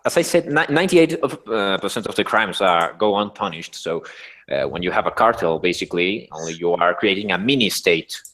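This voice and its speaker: A man from Mexico with a British-tinged, non-native English accent, a livestream guest who talks haltingly with many restarts. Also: low voice, expressive, sharp tone. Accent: British-tinged, not native. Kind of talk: casual livestream chat.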